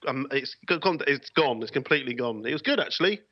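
A man's voice: mid-range voice, lively intonation, fast talker, husky, no room sound, highs cut off. A man joking and laughing through casual podcast chat as a co-host.

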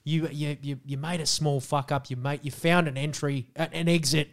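A man's voice: on the high side, normal speed. A man co-hosting a podcast, telling crude stories in casual chat and acting out scenes. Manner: animated storytelling, acts out scenes. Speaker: podcast co-host.

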